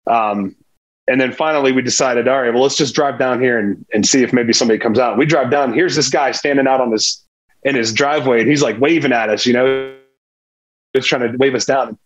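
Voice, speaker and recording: A man's voice: mid-range voice, a little fast, rough recording. A man, a former pro football player, telling a hunting story as a podcast guest, acting out the dialogue. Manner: animated, tells a hunting story with lively quoted dialogue. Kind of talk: casual storytelling interview.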